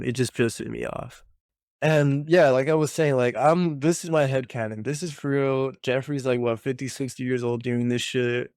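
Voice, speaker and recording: Young man, gravelly voice, dry close sound, exasperated profane rant. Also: mid-range voice, steady tone, moderate pace, a little mellow, no room sound. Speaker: fitness vlogger. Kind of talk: casual ranting commentary.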